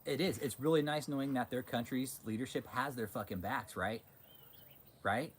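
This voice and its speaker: A man's voice: mid-range voice, normal speed, a little hiss or hum. A man hosting a livestream, talking casually and reading chat, swearing a lot, getting worked up and restarting his sentences often. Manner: profane, excitable, frequent restarts. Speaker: livestream host.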